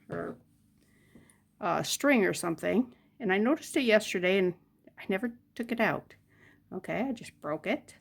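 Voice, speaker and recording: Here the same kind of scene: an older woman, gravelly and mid-range in pitch, makes jewelry and talks in a relaxed way, muttering to herself in between comments.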